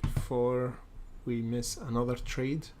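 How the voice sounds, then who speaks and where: A day-trading livestream host gives live market commentary, thinking aloud with many fillers and repeated phrases and calling viewers guys and brother. His mid-range voice is steady and warm, taking things slowly, with a little hiss or hum.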